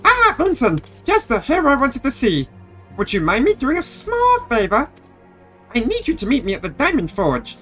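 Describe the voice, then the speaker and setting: Chirpy game helper. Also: female voice, high-pitched, wildly swooping pitch, normal speed, fairly bright tone, soft background music, full character voice. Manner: chirpy, eager. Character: cheerful, bustling young woman helper. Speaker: game character. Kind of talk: video game dialogue.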